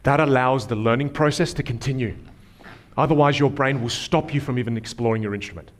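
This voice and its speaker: A man's voice: medium pitch, a little fast. A man coaching a live workshop audience from a theater stage, speaking emphatically and repeating key phrases.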